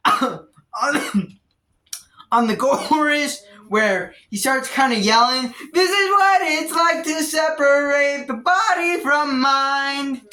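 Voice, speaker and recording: A woman gives a casual, offhand album review from her room at home. Her voice sits a little high, and she rambles, restarts and corrects herself as she goes. The room adds a noticeable echo. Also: a bit bright. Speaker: music reviewer. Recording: roomy echo.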